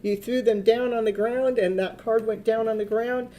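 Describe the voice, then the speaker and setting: A woman's voice: a little high, fairly even intonation, moderate pace, mellow, slight background noise. A woman giving a casual tarot reading, chatting, laughing often and coaxing her dog. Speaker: tarot reader.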